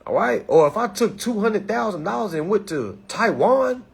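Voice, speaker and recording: A man speaks in with a somewhat high, husky voice. He lectures his viewers in a casual monologue. He keeps checking in with "all right?" after nearly every point. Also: lively intonation, normal speed. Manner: preachy, repeats "all right?" often. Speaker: commentator.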